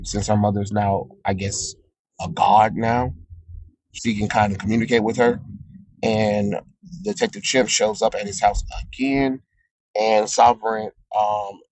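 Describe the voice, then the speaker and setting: Male comic reviewer, low register, loose and chatty with plenty of filler, dry close-miked sound. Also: a little mellow, no room sound, rough recording. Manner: rambling with frequent ums, chuckles at his own jokes. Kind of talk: casual comic recap.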